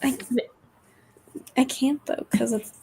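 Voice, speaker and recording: A woman's voice: high voice, steady tone, takes it slowly, creaky, warm tone, slight background noise. A woman chatting casually in a book club, blunt and swearing easily. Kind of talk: casual chat.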